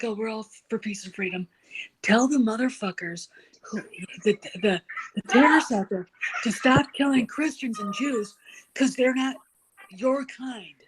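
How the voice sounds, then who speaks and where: A woman's voice: fairly high pitch, husky, low-quality recording. A woman talking emphatically and outspokenly as a guest in a casual political chat. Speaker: podcast guest.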